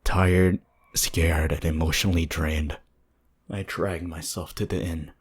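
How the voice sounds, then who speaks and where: A man narrating a horror story in a hushed, tense, deliberate way. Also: low-pitched, flat delivery, husky.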